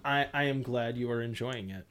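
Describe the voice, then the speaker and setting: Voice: mid-range voice, a little fast, fairly bright tone. Rambling chatty podcast host. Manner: rambling, heavy use of "like", frequent laughter. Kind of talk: casual podcast chat.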